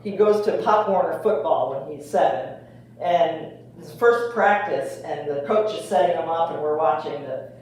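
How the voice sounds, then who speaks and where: A woman's voice: sits low, normal speed, darkish tone. An older woman tells a comic family story in a loose, chatty way, full of little fillers. Her voice carries from far off across an echoey room over faint noise.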